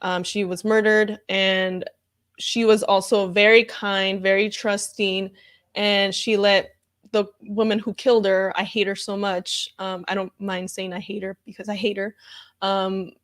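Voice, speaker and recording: On camera in a casual vlog, a comedian reacts to the news, getting upset and heated, using plenty of fillers and reading viewer comments out loud. Her voice sits in the mid range, slightly bright, with a level tone and a measured pace.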